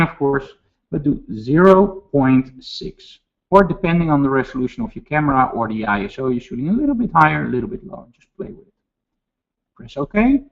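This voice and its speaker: A man with a Dutch accent teaching photo retouching step by step in a webinar, with relaxed asides. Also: medium pitch, vocal fry, dull audio. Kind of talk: software tutorial webinar.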